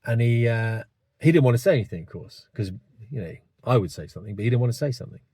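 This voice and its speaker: A man's voice: mid-range voice, expressive, quick pace, dark tone, breathy edge, no room sound. A man, delivering a rambling, blunt opinion monologue to camera with many asides. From England. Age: 50s. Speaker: vlogger.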